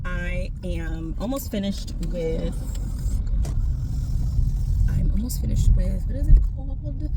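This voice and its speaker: A woman's voice: lowish voice, animated, slow pace, long pauses. A woman vlogger chatting casually to camera, telling rambling stories with frequent laughs. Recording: distant mic with loud road traffic. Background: passing cars and traffic noise.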